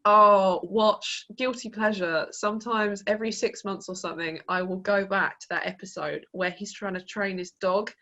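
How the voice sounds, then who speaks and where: A young woman chatting as a guest. She swears casually, laughs often and breaks into loud impressions of other people. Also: mid-range voice, fairly even intonation, normal speed, few pauses, highs cut off. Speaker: guest, clothing brand founder. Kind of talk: casual chat.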